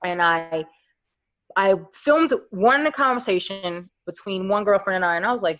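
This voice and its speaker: A woman in her thirties from New York, a podcast guest telling stories in a lively, casual way and acting out her friends' voices. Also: medium pitch, normal speed, dull audio. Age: 30s. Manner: animated storyteller, acts out friends' voices. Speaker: podcast guest, makeup artist.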